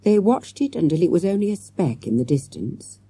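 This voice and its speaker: Husky, dark-voiced woman reading a children's story. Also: on the low side, big pitch swings, normal speed. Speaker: audiobook reader. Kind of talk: scripted children's story narration.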